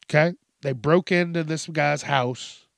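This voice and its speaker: A man's voice: fairly high pitch, unhurried, gravelly, dry recording, clean studio sound. A man hosting a casual news commentary show, swearing often, laughing and acting out quotes in exaggerated voices. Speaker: host.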